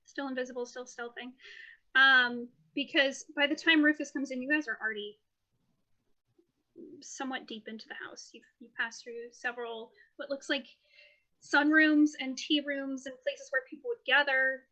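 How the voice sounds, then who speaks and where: A woman's voice: sits high, steady tone, moderate pace, bright, forceful tone. A woman running a tabletop game as game master, narrating scenes in a playful, descriptive way. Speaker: dungeon master.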